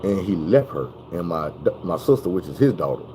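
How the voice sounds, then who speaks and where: A young man telling a story in a casual, animated, profane way. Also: low-pitched, brisk, a little hiss or hum, poor audio. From Arkansas.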